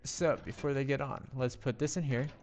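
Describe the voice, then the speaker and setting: A man's voice: mid-range voice, fairly even intonation, moderate pace, darkish tone. A man live-streaming a building game on a headset mic, rambling to himself with playful sound effects. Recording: faint music behind.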